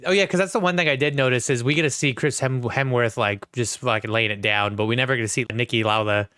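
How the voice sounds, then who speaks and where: Smooth-voiced man in podcast chat. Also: mid-range voice, fast talker, a bit bright, no echo, clean studio sound. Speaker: podcast co-host. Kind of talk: casual movie review chat.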